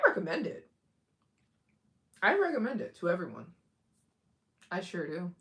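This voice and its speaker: A woman's voice: medium pitch, big pitch swings, unhurried, pauses often. A woman hosting a casual live stream as a travel vlogger. She chats straight to her viewers, giggles often, and acts out other people's lines in put-on voices. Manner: chatty, addresses viewers directly.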